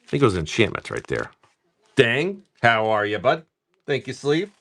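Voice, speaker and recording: With a gravelly, fairly bright voice of medium pitch, this host opens trading card packs on a livestream at a moderate pace. His pitch swoops wildly, and his talk is laid-back, rambling, profane, and full of restarts.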